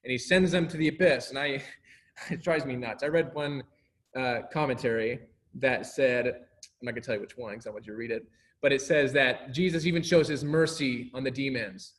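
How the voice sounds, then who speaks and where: A man leads a relaxed Bible class in a mid-pitched voice. He talks in an animated way, laughs often, and acts out the lines of the people in his story. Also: moderate pace. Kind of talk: casual Bible lesson.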